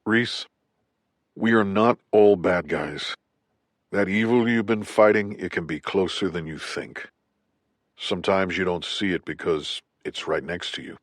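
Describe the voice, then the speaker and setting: A man narrating an audiobook and voicing a measured male intelligence officer who speaks in quiet warnings. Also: deep voice, no echo, studio quality.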